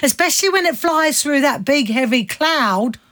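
A woman's voice: sits high, animated, normal speed, fairly bright tone. A woman playing a daft, hard-working male Cockney chimney sweep who mishears words. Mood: muddled. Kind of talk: comedy double act.

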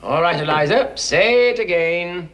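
A man's voice: high voice, animated, measured pace, fairly bright tone. A man playing a stern, impatient male speech teacher who gives commanding, exasperated instructions in a film scene. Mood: instructing. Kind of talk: film dialogue.

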